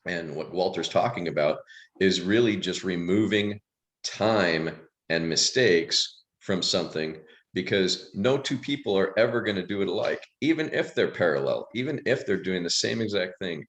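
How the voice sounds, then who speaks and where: A man co-hosting an online coaching session, explaining in a measured, deliberate way. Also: low-pitched. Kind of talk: live group coaching session.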